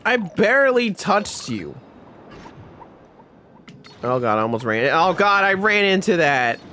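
A man hosting a let's play, giving rambling, self-deprecating commentary with quick mumbled asides. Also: sits high, sing-song, sharp tone, soft background music. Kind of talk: casual gameplay commentary.

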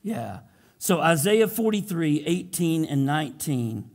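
A man preaches in a church sanctuary, speaking as the congregation's pastor. His voice sits a little high, and he takes his time. Between prayer and teaching he drops folksy jokes to the room. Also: lively intonation, a little slow. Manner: folksy, joking asides to the congregation. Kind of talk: sermon with opening prayer.

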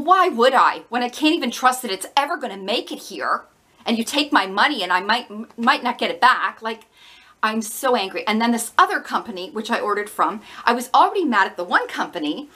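A woman's voice: a little high, sharp tone. A woman vlogger ranting to camera, exasperated and indignant, her talk full of "like.".

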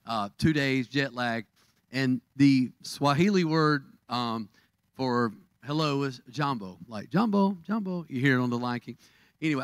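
A man's voice: mid-range voice, a bit bright, smooth, dry recording. A middle-aged man with a Southern American accent, leading a church service, telling a story and praying, with many fillers and restarts. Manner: rambling, halting with many fillers. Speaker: pastor. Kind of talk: church service announcements and prayer.

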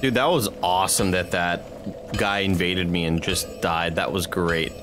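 A man streaming a video game, reacting loudly to the action, swearing and laughing as he plays. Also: low-pitched, fairly even intonation, unhurried, music in the background. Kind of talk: casual gameplay commentary.

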